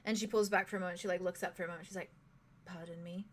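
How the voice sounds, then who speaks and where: A young woman narrating as game master in a tabletop game, halting, with many fillers and giggles. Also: on the low side, fairly even intonation.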